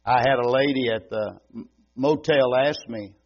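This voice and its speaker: An older man with an East Texas Southern accent preaches a folksy, joking sermon as a visiting preacher in a church sanctuary. His mid-range voice has a homey, unhurried drawl, and the sound is lo-fi.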